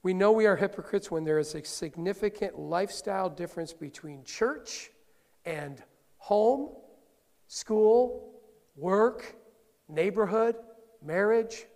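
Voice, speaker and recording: A man's voice: high-pitched, slow, a little mellow. A middle-aged male pastor giving a conversational sermon in a church, with playful asides to the congregation. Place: church sanctuary. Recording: long hall reverb.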